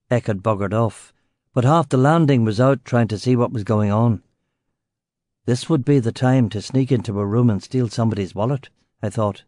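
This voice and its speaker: A man narrating a crime audiobook in the first person with a wry, sardonic edge. His voice is mellow and of middle pitch. The close studio sound is very dry. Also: no room sound.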